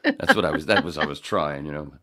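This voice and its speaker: A man chatting casually and rambling, halting and restarting often as he looks back on his comedy set. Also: very deep voice, pushed and bright. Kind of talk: casual chat.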